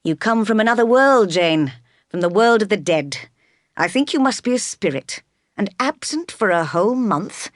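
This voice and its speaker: A brooding gentleman with a teasing, lively way of speaking, as a woman narrator puts him on, his voice rising in pitch when he grows animated. The recording is dry and close. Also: normal speed, no room sound, lightly acted.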